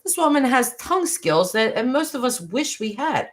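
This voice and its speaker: A woman's voice: a little high, sing-song, normal speed. A woman hosting a casual livestream chat, gushing and chatty, wandering off on tangents and laughing often. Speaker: host.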